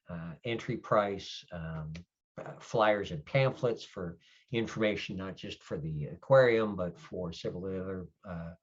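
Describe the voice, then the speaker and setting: Male game master, relaxed, descriptive, lots of ums, muffled lo-fi audio. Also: low-pitched. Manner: relaxed, many fillers, descriptive. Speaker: storyteller. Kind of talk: narrating a tabletop game. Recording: dull lo-fi stream audio.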